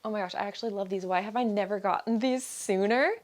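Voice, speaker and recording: A woman's voice: mid-range voice, fast, no room sound. A woman in her twenties chatting casually as a vlogger, bubbly and gushing, filming herself with a handheld camera. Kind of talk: casual vlog narration. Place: car and beach outdoors.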